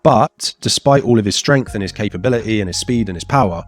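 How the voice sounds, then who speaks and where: A man in his thirties teaching a casual exam revision lesson, chatty and animated, slipping into playful voices for the quotes. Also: lowish voice, quick pace, faint music behind.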